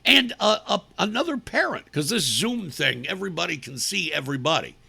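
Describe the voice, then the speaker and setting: Raspy, animated, sarcastic male talk host. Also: sits high, brisk. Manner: sarcastic, mocking, acts out people in put-on voices. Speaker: radio talk show host. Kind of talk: opinionated political talk monologue. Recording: live radio broadcast stream.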